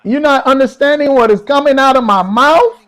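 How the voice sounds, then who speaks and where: A man's voice: extremely high pitch, brisk, fairly bright tone. A man livestreaming a video game, talking casually with his chat in a teasing, rambling way, often chuckling and repeating "man" and "you know what I'm saying". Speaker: gaming live streamer. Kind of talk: casual live-stream banter with chat.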